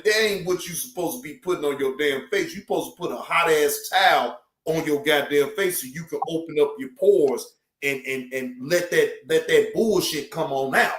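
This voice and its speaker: Male live-stream host, high-pitched, animated and profane, roomy sound. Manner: animated, loud laughter, profane. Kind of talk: casual live-stream chat.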